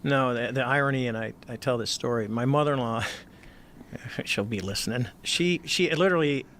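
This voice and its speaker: A man's voice: medium pitch, normal speed, slight background noise. A middle-aged man, a former Navy squadron commander, telling his story as an interview guest and acting out the dialogue. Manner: animated storyteller, acts out quoted dialogue.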